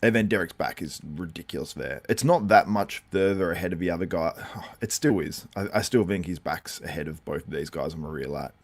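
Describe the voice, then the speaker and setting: A man with a notably deep, low voice hosts a live watchalong. He talks in a loose, rambling way, full of fillers, and keeps breaking off to answer viewers' comments. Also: a little fast, few pauses. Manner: chatty, reacts to viewer comments. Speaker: host.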